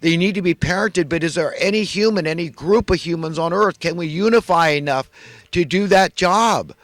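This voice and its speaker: A man from the United States giving an impassioned monologue, moving from loud urgent preaching to quiet, earnest confession. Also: a little high, moderate pace, no echo. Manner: religious, ranting about elites. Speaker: channel host.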